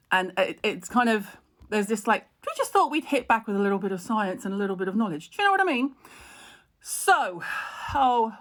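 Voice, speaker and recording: A woman's voice: mid-range voice, fairly bright tone. A middle-aged woman hosting a live stream, chatting frankly, laughing at herself and answering viewer comments. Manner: chatty, frank and self-mocking, laughs a lot. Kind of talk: casual live-stream chat.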